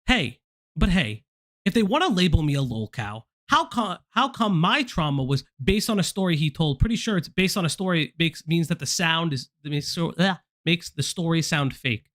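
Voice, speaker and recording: A man's voice: fairly high pitch, expressive, moderate pace, fairly bright tone, no room sound, clean studio sound. A man hosting a commentary stream, lecturing in a heated, profane way. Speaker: stream host.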